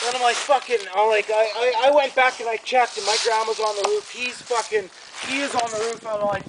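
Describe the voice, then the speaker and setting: High-voiced man telling a wild story. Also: heavy background noise. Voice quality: heavy swearing, animated, fast-building rants. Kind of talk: casual storytelling.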